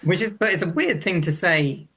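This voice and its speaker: A man's voice: high voice, animated, normal speed, sharp tone, breathy edge. A Welsh man co-hosting a podcast, thinking aloud in casual chat with frequent restarts. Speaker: guest co-host.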